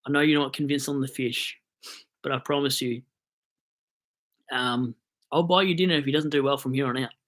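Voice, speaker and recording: Speaking at normal speed with long pauses, this young Australian man has a medium-pitched, fairly even and slightly bright voice. He rambles and jokes his way through a casual fantasy football live stream, buzzing on coffee.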